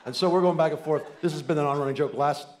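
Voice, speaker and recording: A man in his forties preaching a sermon, telling family stories with quoted voices and swinging from loud excited bursts to soft, near-whispered lines. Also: a little high, fast. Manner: animated storytelling with quoted voices and asides. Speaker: pastor.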